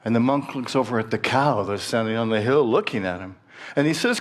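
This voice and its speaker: A man telling a story in a sermon, slow and pausing, voicing the characters as he goes. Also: medium pitch, animated. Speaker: minister.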